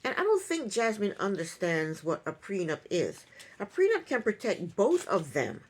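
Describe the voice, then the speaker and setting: A woman's voice: mid-range voice, wildly swooping pitch, moderate pace, breathy edge. A woman giving a casual reality TV recap in an opinionated, sarcastic way, with chuckling asides.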